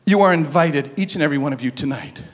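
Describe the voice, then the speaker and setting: A man preaching a humorous sermon at a youth event, telling comic stories and drawing call-and-response from the crowd, often shouting for emphasis. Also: a little high, quick pace. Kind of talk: humorous sermon to a live audience.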